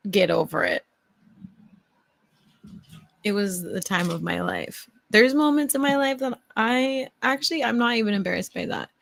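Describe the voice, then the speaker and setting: A woman's voice: a little high, expressive, normal speed, creaky, pauses often, no echo. A woman hosting a casual live-stream chat who is playful, laughs often and swears casually, speaking into a mic on a stand. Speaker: host.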